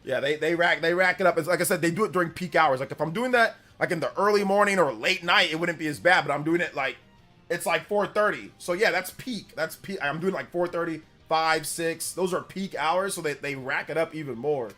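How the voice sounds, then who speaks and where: A forties-aged man from Central California reads donations during a casual live stream, his voice on the high side and fairly quick over soft background music. He rambles with lots of fillers, laughing loudly as he retells stories.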